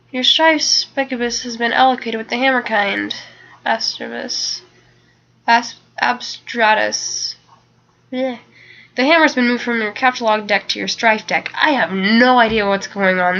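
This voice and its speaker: A woman's voice: on the high side, steady tone, a little slow, fairly bright tone. A young woman reading a webcomic aloud in a casual way. She is sleepy, keeps yawning, and trips over words she is unsure of. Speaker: webcomic reader. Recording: dull lo-fi home mic.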